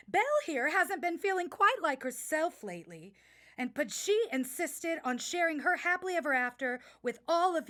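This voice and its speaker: Actress as a sassy wisecracking princess emcee. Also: female voice, high-pitched, a bit bright. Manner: brash, sarcastic, showy. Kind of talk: stage monologue to the audience.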